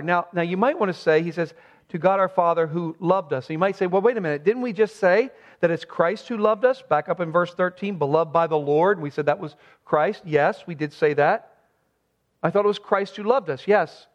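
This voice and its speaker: A man with a high voice delivers an expository sermon as pastor. He presses his points with emphasis and throws rhetorical questions at the congregation. The recording sounds dull and lo-fi.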